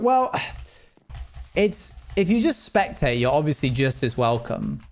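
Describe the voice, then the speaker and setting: A young man streams live, chatting casually with viewers while he plays a game. His mid-range voice is sing-song and unhurried. He rambles and often starts his sentences over.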